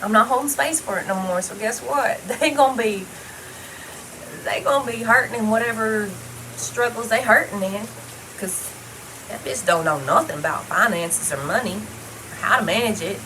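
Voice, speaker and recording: A woman's voice: medium pitch, moderate pace, pushed and bright, slight background noise, low-quality recording. A woman talking straight to the camera in a casual personal monologue, blunt and heavily profane, rambling loosely from one thought to the next. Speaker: vlogger.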